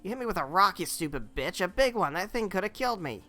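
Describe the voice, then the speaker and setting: A man voicing a cruel village bully boy in a game, taunting and shouting. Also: mid-range voice, expressive, fairly quick, soft background music.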